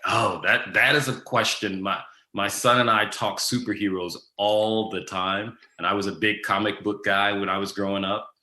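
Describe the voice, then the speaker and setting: A man with a fairly low voice and a bright, forward tone answers questions in a relaxed, casual way. He pauses on ums and restarts his sentences as he thinks. The room around him rings with noticeable echo. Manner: easygoing, many ums and restarts. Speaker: guest. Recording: echoey room.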